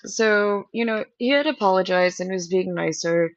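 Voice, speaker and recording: A woman's voice: medium pitch, moderate pace, no room sound, lo-fi sound. A woman hosting a livestream, chatting candidly to viewers and rambling through stories with lots of fillers. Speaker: livestream host. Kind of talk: casual chat to stream viewers.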